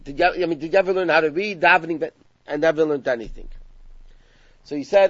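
A man teaching a Talmudic story to a class, acting out the dialogue with lively emphasis. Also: on the high side, fast talker, dry recording. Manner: animated, acts out dialogue with rising emphasis. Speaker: Torah teacher. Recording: dull lo-fi sound.

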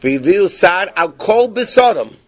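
A man teaching a Torah class, telling the story in a lively, animated way, with frequent restarts. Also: high voice, measured pace, muffled recording.

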